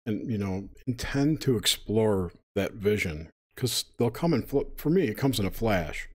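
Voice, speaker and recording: A man on an interview panel who talks in a measured, hesitant way. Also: fairly low pitch, animated, darkish tone. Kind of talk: casual interview.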